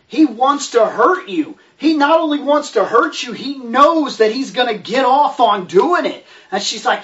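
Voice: sits high, animated, measured pace, hardly any pauses, a bit bright. A reviewer ranting about a film and book in an exasperated, sarcastic way, swearing heavily. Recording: distant, dull lo-fi recording.

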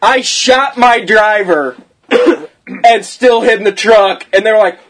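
High-voiced man swearing through casual banter. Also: takes it slowly, a bit bright, a little hiss or hum. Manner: laid-back, swears freely, recounts game stories. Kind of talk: casual chat among friends.

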